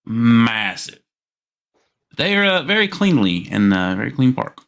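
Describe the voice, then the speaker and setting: A man's voice: medium pitch, sing-song, unhurried, gravelly, a bit bright. A man with a Southern accent hosting a live call-in stream, joking around rowdily and swearing freely. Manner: rowdy, profane and joking. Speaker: livestream call-in show host. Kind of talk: casual live stream chat.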